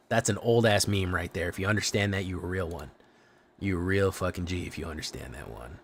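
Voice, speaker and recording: A young man with a fairly low voice hosts a casual live stream of a card game. He jokes, hypes up his plays and chats straight to his viewers. A faint hum of noise sits behind him. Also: a little fast. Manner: excitable, joking, talks to chat.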